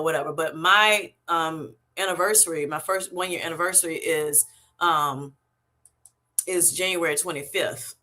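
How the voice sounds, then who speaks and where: A woman's voice: lowish voice, sharp tone. A middle-aged woman hosting a casual live stream, effusively thanking her viewers again and again. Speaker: livestream host.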